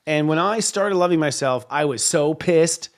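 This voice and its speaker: A man's voice: on the high side, normal speed, clear, resonant tone. A man in his fifties hosting a casual spiritual talk show, speaking in a candid, confessional and emphatic way. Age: 50s.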